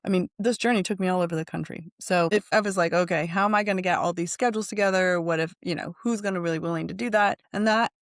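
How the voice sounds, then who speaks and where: Female interview guest with a low, gravelly voice, earnest and reflective, dry recording. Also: quick pace, few pauses, no room sound. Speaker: podcast guest, nonprofit founder. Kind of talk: casual interview talk.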